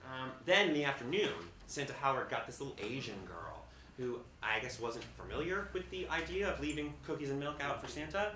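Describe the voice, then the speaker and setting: A man's voice: medium pitch, animated, fairly quick, few pauses, sharp tone. A man performing a comic stage monologue in a theater, sardonic and full of character voices. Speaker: stage actor in a one-man show. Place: theater stage with live audience. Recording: roomy theater sound with noise.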